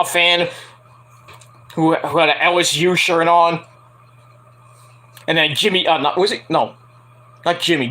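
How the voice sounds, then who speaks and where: A man hosting a casual podcast, rambling and joking while he watches a game, with loud outbursts. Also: a little high. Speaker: podcast host.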